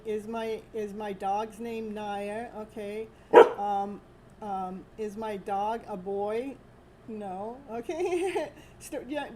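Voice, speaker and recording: A woman's voice: medium pitch, poor audio. A woman hosting a live tarot stream from home, chatting casually and laughing often. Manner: slow, chatty, laughs often, baby-talks to her dog. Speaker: tarot reader and livestream host. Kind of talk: casual livestream chat. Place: at home with a dog. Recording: noticeable background noise.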